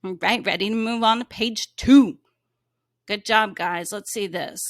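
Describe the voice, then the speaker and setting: Woman teacher sounding out words slowly. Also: mid-range voice, no room sound, clean studio sound. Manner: slow, clearly sounded-out words for young children; gently coaxing, asks the child questions. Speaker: reading teacher. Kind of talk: children's phonics lesson.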